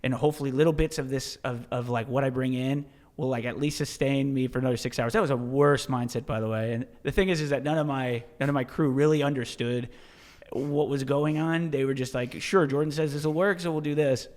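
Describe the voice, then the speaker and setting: A man telling a story as a podcast guest, in a casual, animated way, swearing freely and restarting his sentences often. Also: medium pitch, brisk. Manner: animated, profane, many restarts and "dude". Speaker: podcast guest, ultra-marathon runner.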